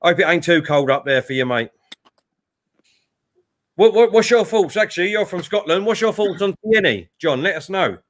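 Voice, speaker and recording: A man's voice: high voice, expressive, moderate pace. A man with an East London accent hosting a football watchalong stream, reading out viewer messages in a friendly manner. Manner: reads out chat messages, friendly. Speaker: stream host. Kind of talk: casual football watchalong chat.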